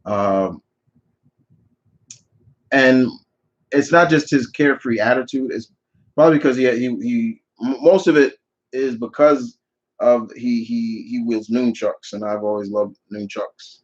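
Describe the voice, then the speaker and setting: A man answers viewer questions on a live stream, chatty and opinionated. He circles back and restarts his sentences as he talks things through. His mid-pitched voice comes through slightly muffled, lo-fi audio. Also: a little slow, long pauses. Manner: opinionated, rambling with frequent restarts. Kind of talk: live Q&A chat.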